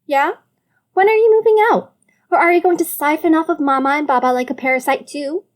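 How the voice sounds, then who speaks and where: A woman's voice: expressive, a little fast, dark tone. A woman voicing a stubborn teenage sister who pleads and needles in an audiobook. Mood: needling. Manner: high, insistent, needling. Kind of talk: audiobook character voice.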